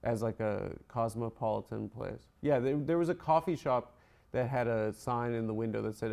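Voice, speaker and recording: A man hosting a podcast, tossing out deadpan, wry one-liners in casual chat. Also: medium pitch, moderate pace, vocal fry. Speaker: podcast host.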